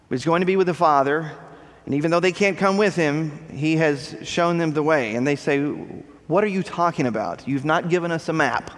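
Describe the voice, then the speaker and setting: A pastor preaching a sermon, emphatic and slowing down to stress key phrases. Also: male voice, on the high side, big-room sound.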